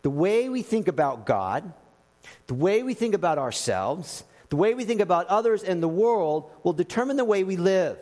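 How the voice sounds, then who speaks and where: An animated male preacher who tells stories and acts out the scenes. His high voice swoops widely. A long reverb from a large church hall hangs behind every phrase. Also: moderate pace. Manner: animated storytelling, acting out scenes. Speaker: pastor. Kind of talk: sermon.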